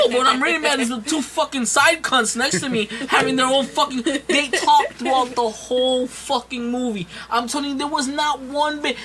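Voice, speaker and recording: A man ranting in casual podcast talk, heavy with profanity. His voice is bright and forceful, sitting high for a man. The delivery is heated and relentless. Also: slight background noise. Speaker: podcast guest. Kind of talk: casual chat.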